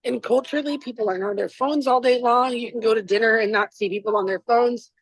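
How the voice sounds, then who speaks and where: A woman's voice: a little high, a little fast, breathy edge, dry recording, low-quality recording. A woman chef from Florida, chatting casually in an interview, rambling and joking about herself. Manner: chatty, rambling, self-deprecating. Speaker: chef and guest.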